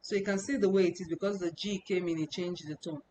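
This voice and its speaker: A woman with a lowish voice teaches a language class. She repeats each syllable over and over across the tones and explains every point patiently. A faint hum sits under her voice. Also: steady tone, fast talker, dark tone, poor audio. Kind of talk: online language lesson.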